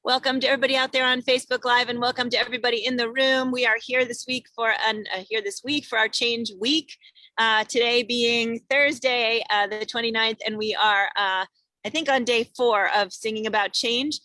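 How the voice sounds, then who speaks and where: Upbeat woman host greeting folks on a video call from her car, bright voice, dry sound. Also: on the high side, fairly even intonation, fairly quick, no echo. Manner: chatty and upbeat, reading out many viewer names. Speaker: host of an online singing show. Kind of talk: casual greeting of viewers. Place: in a parked car on a road trip.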